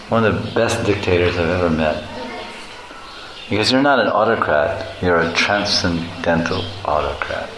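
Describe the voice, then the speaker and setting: A man gives a devotional lecture, playful and given to laughing and acting out short voices. His voice sits on the low side. The recording is echoey, with steady background noise. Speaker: lecturing monk.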